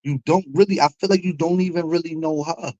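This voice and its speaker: Ranting on his livestream, a young New Yorker swears bluntly about being disrespected, his fairly high, slightly mellow voice moving quickly with fairly even intonation. The highs in the audio are cut off.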